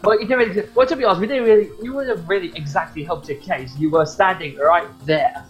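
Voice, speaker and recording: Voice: medium pitch, quick pace, muffled recording. A podcast co-host chatting casually about old games, reminiscing and quoting scenes. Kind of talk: casual chat about retro video games.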